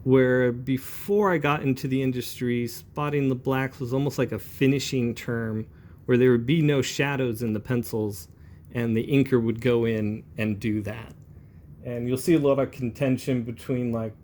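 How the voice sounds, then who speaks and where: A man in his forties, a comic book inker, chatting in a relaxed, rambling way as he demonstrates brush inking. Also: medium pitch, moderate pace, a little hiss or hum.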